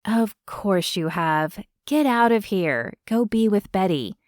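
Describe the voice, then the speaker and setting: A woman's voice: mid-range voice, expressive, slow pace, no echo, studio quality. A woman narrator voicing a candid young woman who teases her friends and speaks openly. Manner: candid, teasing, easily alarmed.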